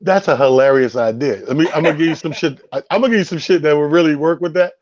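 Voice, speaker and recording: A man's voice: fairly high pitch, fast, darkish tone. A man hosting a casual chat, hyping up his guest and laughing easily. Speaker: host. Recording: dull lo-fi audio.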